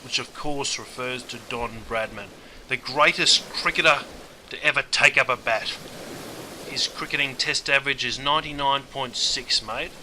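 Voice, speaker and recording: A man's voice: mid-range voice, moderate pace, sharp tone, slight background noise. A man with a broad Australian accent explaining sporting slang in a blokey, scripted comic style, calling everyone mate. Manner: blokey, says mate constantly. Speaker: host teaching Australian slang.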